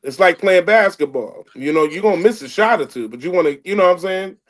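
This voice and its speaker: A man's voice: high-pitched, animated, quick pace. A man who works as a comedian, talking in a laid-back, mentoring way in a casual chat. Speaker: comedian guest. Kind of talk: casual chat, giving advice.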